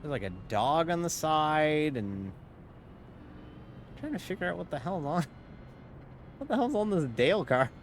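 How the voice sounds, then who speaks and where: A man's voice: on the high side, sing-song, measured pace, pauses often, a little hiss or hum. A man casually commenting while streaming a sim race, rambling and joking and laughing often.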